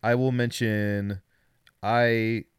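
Enthusiastic man, smooth low voice. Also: flat delivery, drawn-out words, no room sound, studio quality. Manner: enthusiastic, rambling, gushing. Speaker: podcast co-host. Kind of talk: casual film chat.

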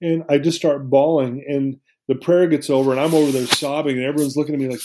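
A man's voice: fairly high pitch, fairly even intonation, fairly quick, dark tone. A middle-aged man telling his life story to an interviewer, earnest and emotional, with many restarts. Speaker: guest.

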